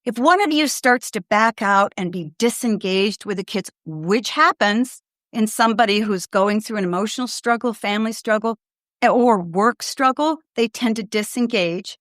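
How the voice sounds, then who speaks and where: A woman's voice: mid-range voice, moderate pace, no room sound, clean studio sound. An older woman, a pediatrician hosting a podcast, giving direct, good-humored parenting advice to callers. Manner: direct, warm-humored, acts out kids and parents in quotes. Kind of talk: advice show, answering callers.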